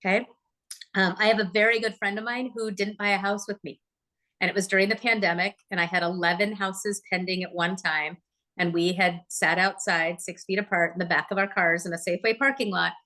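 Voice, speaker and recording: A woman coaching a room of listeners in a chatty, lively way, with a pitch that sits in the middle. She often stops to ask the audience questions. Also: fairly quick. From Oregon, USA. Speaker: real estate trainer. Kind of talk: live training talk.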